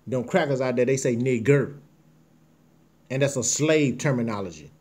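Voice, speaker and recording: A man's voice: mid-range voice, moderate pace, long pauses, a little mellow. A man hosting his show, delivering an emotional, impassioned monologue in a preachy, repetitive way. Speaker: host.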